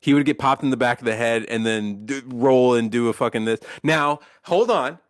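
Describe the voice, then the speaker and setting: A man's voice: mid-range voice, moderate pace, dry recording, studio quality. A man hosting a podcast in casual chat, rambling and swearing, with many restarts. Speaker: podcast host.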